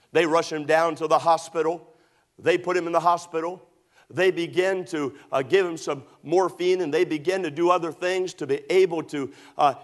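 Preacher guy, kinda high voice, tells a story big and dramatic, yells at the peaks. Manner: dramatic storytelling, rising to shouts at climaxes. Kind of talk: sermon.

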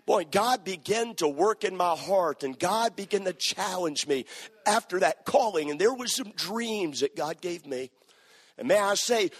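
A middle-aged man preaching in a church sanctuary, his fairly high voice carrying a long reverb off the walls of the hall. He tells his stories with dramatic flair, acting out the voices in them, and drives his points home with emphatic, rising exhortation. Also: husky. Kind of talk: sermon.

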